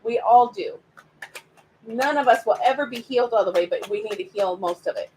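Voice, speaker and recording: A woman's voice: a little high, fairly quick, background noise. A woman giving live spiritual readings to viewers, chatty and affectionate, calling them by pet names. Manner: chatty, speaks straight to viewers. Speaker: spiritual reader. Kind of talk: live-streamed card reading.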